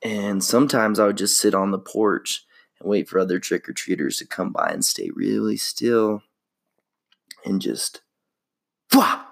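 A man's voice: lowish voice, very animated, normal speed, vocal fry. A young man hosting a casual solo podcast, rambling in a laid-back way with lots of slang and fillers. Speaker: podcast host.

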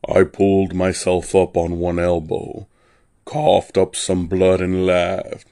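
A man narrating a dark first-person story in a wry, deadpan way. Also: deep voice, slow, no echo, studio quality.

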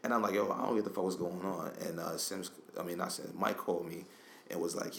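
A man co-hosting a podcast, telling a long story in casual, profane, animated chat. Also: low-pitched, a little fast, a little hiss or hum. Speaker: podcast co-host.

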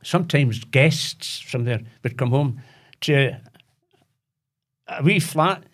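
An older man with a Glaswegian Scottish accent, telling childhood stories as a podcast guest with animated, laughing delivery. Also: medium pitch, takes it slowly. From Glasgow, Scotland. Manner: animated anecdotes with frequent laughter. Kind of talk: casual storytelling.

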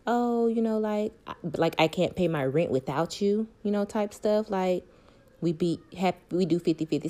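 Emphatic woman with a warm low voice. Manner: candid, emphatic, repeats herself for stress. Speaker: vlogger. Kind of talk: casual talk to camera about her love life.

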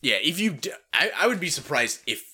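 A man's voice: on the high side, a little fast, husky. A man co-hosting a casual podcast, agreeing easily and adding swearing asides. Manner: relaxed, agreeable, chimes in with profane asides. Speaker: podcast co-host.

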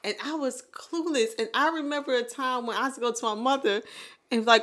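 A woman in her late thirties co-hosting a podcast, chatting casually, laughing often and telling stories with animated energy. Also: high-pitched, brisk. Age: 30s. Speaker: podcast co-host. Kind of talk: casual chat. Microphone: USB condenser microphone.

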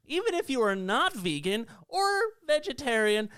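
A man putting on a shrill, witchy upset mum. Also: big pitch swings, moderate pace, a bit bright, smooth, no echo, clean studio sound, full character voice. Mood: appalled. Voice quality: high, witchy falsetto. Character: upset prim mother, woman, shrill and shocked.

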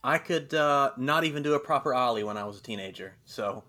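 A man's voice: mid-range voice, lively intonation, a little fast, pushed and bright. A man with a Southern US accent from Alabama, hosting an interview in a chatty, folksy way and laughing often. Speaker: podcast host. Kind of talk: casual interview chat.

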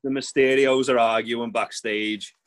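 A man's voice: mid-range voice, fairly even intonation, a little slow. A young man co-hosting a casual chat, recapping matches in a blunt, laid-back, sweary way. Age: young adult. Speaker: podcast co-host.

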